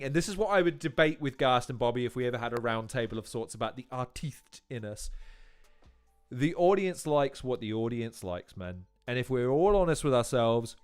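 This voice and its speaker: A man's voice: medium pitch, clean tone. A man hosting a live-stream watch-along, talking in profane, rambling tangents. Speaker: host.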